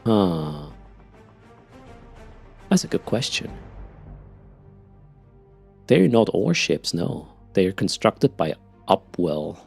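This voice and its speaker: A man's voice: deep voice, sing-song, drawn-out words, gravelly, pauses often, darkish tone, husky, faint music behind. A man with a Swiss German accent chatting casually with his live-stream audience while playing, often repeating words as he starts a sentence. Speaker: game streamer.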